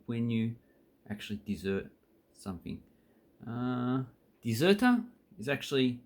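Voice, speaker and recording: An Australian man giving a casual, playful English lesson, joking and stressing key words. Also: medium pitch. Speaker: English teacher.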